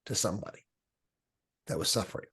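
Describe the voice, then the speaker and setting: A middle-aged man, a podcast guest, telling a personal story in a casual, animated way and acting out the voices he quotes. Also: fast talker.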